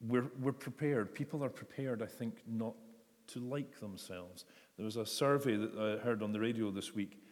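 A man's voice: fairly low pitch, normal speed, in a large hall. A man preaching a sermon in a conversational, searching way, often restarting his sentences. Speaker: pastor.

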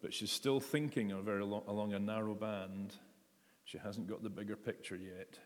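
A man's voice: on the low side, steady tone, normal speed, long reverb tail. A man preaching a sermon in a conversational, searching way, often restarting his sentences. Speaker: pastor.

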